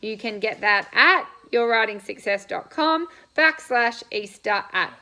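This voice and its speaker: Riding coach, a woman hosts a casual live Q&A stream, bubbly and chatty as she eats breakfast, laughing quickly and giving loose, rambling answers to viewers. Her voice is a little high, bright and forceful, with lively intonation. The recording quality is low.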